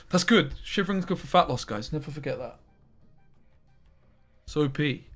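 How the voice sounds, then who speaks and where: A man streaming a card game live, chatting casually with viewers and breaking into loud exclamations. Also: fairly high pitch, lively intonation, normal speed, long pauses, faint music behind. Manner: chatty, talks to chat, bursts into loud exclamations.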